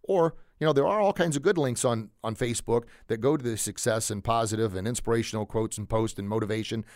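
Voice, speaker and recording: A man's voice: mid-range voice, fast talker, no room sound, clean studio sound. Emphatic man hosting a motivational podcast. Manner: energetic, emphatic, repeats phrases for effect; chuckles now and then. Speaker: podcast host.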